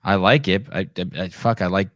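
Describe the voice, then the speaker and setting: A man's voice: low-pitched, a little fast, no echo, clean studio sound. A man hosting a podcast, ranting bluntly and profanely in casual commentary. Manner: blunt, swearing, animated rants. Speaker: podcast host.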